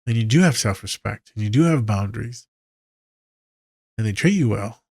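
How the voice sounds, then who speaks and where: Gravelly, profane man musing on a podcast. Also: on the low side, lively intonation, normal speed, darkish tone, no echo, studio quality. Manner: candid, profane, joking. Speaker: therapist and podcast host. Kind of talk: casual podcast monologue.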